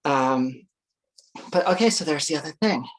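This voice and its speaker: An adult speaking in a loose, rambling vlog style, circling back with plenty of filler words. The talk is salty with casual swearing. Their own remembered reactions get acted out as quick little asides, with a mid-range voice. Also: medium pitch, expressive. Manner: chatty, lots of fillers, swears freely, acts out its own reactions. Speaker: vlogger.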